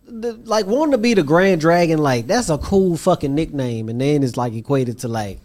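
Easygoing slangy man, higher pitch. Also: lively intonation, moderate pace, a little mellow. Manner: easygoing, slangy, frequent agreeing interjections. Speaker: podcast co-host. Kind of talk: casual podcast chat.

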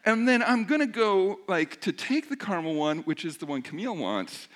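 A middle-aged male pastor telling a funny personal story in a sermon, animated and self-mocking, joking with his congregation. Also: high voice, moderate pace.

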